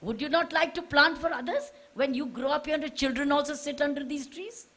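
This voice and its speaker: A woman's voice: sits high, moderate pace, fairly bright tone. A woman with an Indian English accent giving a public speech to students, urging them on with repeated rhetorical questions. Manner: exhorting, fires repeated rhetorical questions at listeners. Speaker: official addressing students.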